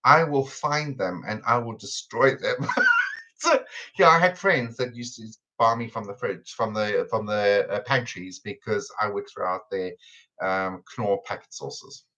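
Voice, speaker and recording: A man's voice: lowish voice, animated, measured pace, sharp tone, highs cut off. A man with a South African accent hosting a live cooking stream in a chatty, teasing way, laughing often. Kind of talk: casual chat on a livestream. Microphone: computer camera on a video stream.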